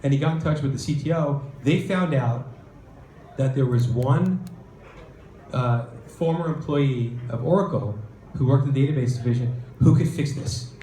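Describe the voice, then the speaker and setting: A man giving a conference talk, telling an animated startup story and acting out the quoted voices. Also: medium pitch, normal speed, a little hiss or hum. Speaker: venture capitalist speaker. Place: event hall. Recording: roomy hall with faint ambience.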